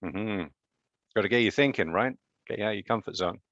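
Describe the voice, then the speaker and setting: A man's voice: fairly low pitch, brisk, a bit bright, dry recording, dull audio. A man lecturing on genetics in a live online class, chatty and quizzing students with joking asides.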